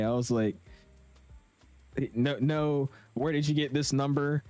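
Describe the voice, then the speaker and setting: A man's voice: fairly high pitch, steady tone, a little slow, a little mellow, smooth, dry recording. A young man chatting casually with viewers on a live stream, slangy and talkative. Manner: chatty, slangy, reads chat aloud. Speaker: flight sim streamer.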